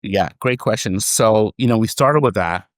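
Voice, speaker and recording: Man, low voice, interview guest, animated storyteller, dry close mic. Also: moderate pace, no echo. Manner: animated storyteller, acts out quoted dialogue. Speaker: company chairman, guest. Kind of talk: conversational podcast interview, storytelling.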